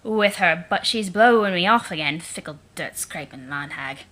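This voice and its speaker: A woman voicing an arrogant, foul-mouthed young male troll prince in a deliberately mangled British accent, vaguely Liverpool or Cockney. He swaggers and sneers, and he swears a lot. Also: fairly low pitch, lively intonation, fairly bright tone. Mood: sneering.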